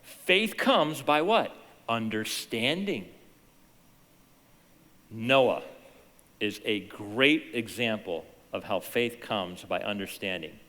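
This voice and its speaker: A man preaching a sermon as pastor, telling stories in an animated way that swings from hushed to loud. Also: lowish voice, in a large hall. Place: church sanctuary.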